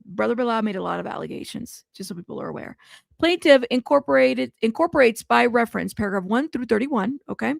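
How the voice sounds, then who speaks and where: A woman's voice: on the high side, expressive, fast talker, gravelly, no room sound, studio quality. A woman hosting a news commentary channel, reading a lawsuit aloud for her viewers and breaking into amused asides. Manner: reads legal text aloud, breaks into amused asides and laughter.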